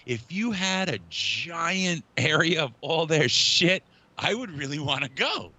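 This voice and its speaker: A man's voice: a little high, animated, unhurried, pushed and bright. A man co-hosting a casual podcast chat, blunt and casually swearing. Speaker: podcast co-host.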